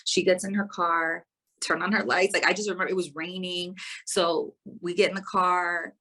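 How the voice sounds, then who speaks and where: A woman, a podcast guest, telling a story casually in an animated, profane, slangy way. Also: fairly low pitch, moderate pace, low-quality recording.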